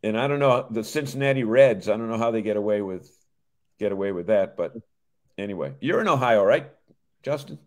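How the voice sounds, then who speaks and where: A man's voice: on the low side, expressive, brisk. A man co-hosting a casual show over a video call, joking and rambling with restarts. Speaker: co-host. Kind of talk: casual chat.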